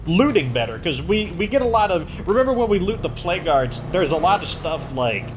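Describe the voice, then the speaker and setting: A man's voice: high voice, big pitch swings, fairly quick, slight background noise. A man giving casual, joking commentary as he plays a video game, thinking aloud. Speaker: gaming channel host.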